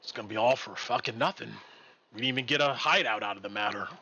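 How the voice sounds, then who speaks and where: A man voicing a laid-back, sarcastic male rogue who swears casually and drawls a bit lower than his own voice. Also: quick pace, pushed and bright, dull audio, slight background noise. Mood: sardonic.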